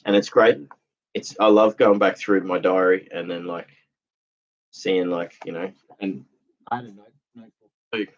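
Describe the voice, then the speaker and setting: A man's voice: sits low, fairly even intonation. Tired man rambling on a livestream. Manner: rambling, halting, lots of fillers and restarts, laughs often. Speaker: livestream host reading chat comments. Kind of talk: casual livestream chat. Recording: dull lo-fi sound.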